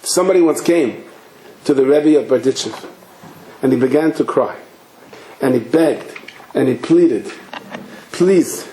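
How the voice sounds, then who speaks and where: A rabbi giving a sermon, asking rhetorical questions and telling stories. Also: male voice, mid-range voice, normal speed, pauses often, warm tone, a little hiss or hum. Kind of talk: sermon with storytelling. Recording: echoey room.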